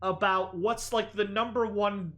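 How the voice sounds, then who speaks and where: A woman streaming a game, chatting casually in an excitable, exclamatory way with casual swearing. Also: mid-range voice, a little slow.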